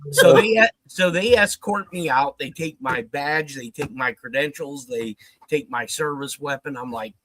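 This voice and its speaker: A man with a fairly high voice and moderate pace tells a long story casually on a livestream, swearing often and acting out the dialogue he quotes. The recording is rough, with slight background noise.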